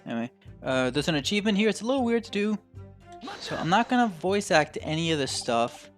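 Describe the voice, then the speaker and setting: A man's voice: sits high, big pitch swings, a little fast, soft background music. A man casually commenting on a video game as he plays, offhand and jokey. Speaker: let's play host.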